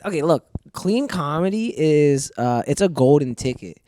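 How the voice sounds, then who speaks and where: A man's voice: fairly high pitch, lively intonation, normal speed, dark tone, no echo, clean studio sound. A man hosting a podcast, chatting loosely and teasing his guest, swearing and laughing easily. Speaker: podcast host. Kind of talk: casual chat. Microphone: studio mic.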